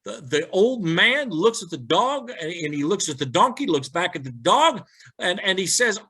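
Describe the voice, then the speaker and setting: Animated male pastor telling jokes. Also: high-pitched, measured pace, breathy edge. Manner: animated joke-telling, acting out characters. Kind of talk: light-hearted sermon storytelling.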